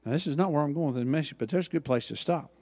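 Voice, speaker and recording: A man preaching a sermon, acting out Bible dialogue with lively emphasis. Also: fairly high pitch, racing, big-room sound. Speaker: pastor.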